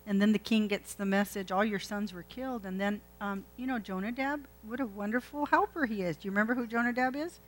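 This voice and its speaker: A woman's voice: medium pitch, quick pace, hardly any pauses, poor audio. A woman preaching a sermon, retelling a scripture story in a chatty way and putting questions to the congregation. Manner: conversational, asks the congregation questions.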